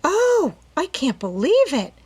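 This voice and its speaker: A woman voicing an excitable, kindly young woman who gasps breathlessly. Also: sits high, slow, pitched above the performer's own voice, heavily acted. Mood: astonished. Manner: breathless with surprise.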